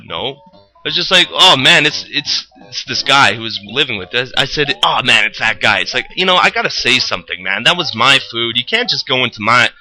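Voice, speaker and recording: A young man with a medium-pitched voice tells a rambling, profane story about his roofing job in casual conversation, retelling it with animation. The recording is rough.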